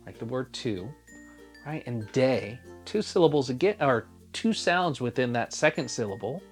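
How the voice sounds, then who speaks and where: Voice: mid-range voice, lively intonation, moderate pace, faint music behind. A teacher giving a phonics spelling lesson for young children, sounding out each letter patiently and asking the listener to spell along.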